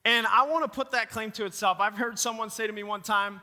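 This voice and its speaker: A man with a Minnesota accent preaching a lively youth sermon and talking straight to the room. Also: high voice, a little fast. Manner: energetic, talks to the room directly. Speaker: youth pastor. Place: church youth hall. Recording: long hall reverb.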